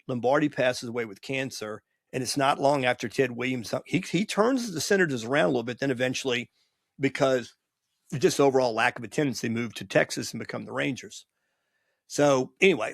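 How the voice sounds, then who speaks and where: A man's voice: mid-range voice, vocal fry, no echo, studio quality. A man in his sixties from the Washington, D.C. area, hosting a podcast and telling rambling, nostalgic stories in a casual monologue. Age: 60s. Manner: rambling, digressive, nostalgic storyteller. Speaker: podcast host and college baseball coach.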